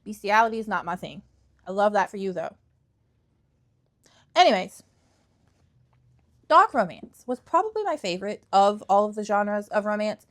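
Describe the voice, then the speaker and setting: A woman's voice: mid-range voice, sing-song, normal speed, long pauses, fairly bright tone. A young woman chatting casually about books she reviews, sassy and emphatic, often repeating lines for effect. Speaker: book reviewer. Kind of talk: casual vlog chat.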